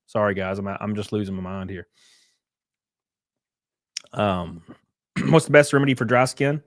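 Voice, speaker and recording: A man's voice: lowish voice, measured pace, long pauses, no echo, clean studio sound. A man with an American accent, chatting casually with his live-stream viewers in a rambling, laid-back way and cursing now and then. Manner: sings snatches of a theme song.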